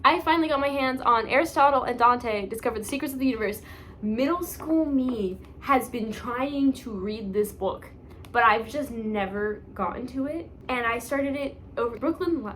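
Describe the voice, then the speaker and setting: A woman's voice: fairly high pitch, fairly bright tone, a little hiss or hum. Chatty young woman rambling about books. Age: young adult. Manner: chatty, rambling, self-mocking, many fillers. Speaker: book vlogger. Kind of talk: casual chat.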